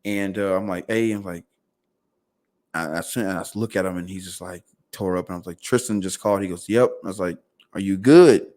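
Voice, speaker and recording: A man's voice: low voice, fairly even intonation, fairly quick. A man, a podcast guest casually telling a long personal story, full of fillers and repeated words. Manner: fillers and repeated words, quoting others in dialogue.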